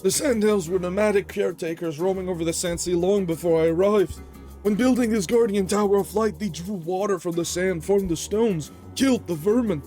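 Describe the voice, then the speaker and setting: A man's voice: high-pitched, fairly quick, mellow, faint music behind, pitched above the performer's own voice, natural voice. A man voicing a bitter, scheming old male lich villain in a game, with a theatrical, sneering manner. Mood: gloating.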